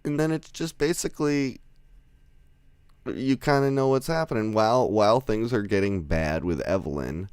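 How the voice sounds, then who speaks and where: A man's voice: fairly low pitch, normal speed, darkish tone, clear, resonant tone, no echo. A man giving a casual movie review, rambling with lots of fillers, restarts and chuckling asides. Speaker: film reviewer.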